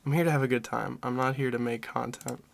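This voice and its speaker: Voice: medium pitch, steady tone, fast, creaky. A streamer chatting casually while playing a game with friends, rambling and self-interrupting. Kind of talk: casual gameplay stream chat.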